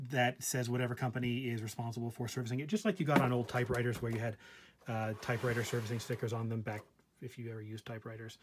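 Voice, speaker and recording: A man's voice: medium pitch, husky. A man casually presenting a vintage terminal on camera, full of joking asides and fillers, sometimes moving away from the mic. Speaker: vintage computer hobbyist host. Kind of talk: casual show-and-tell vlog.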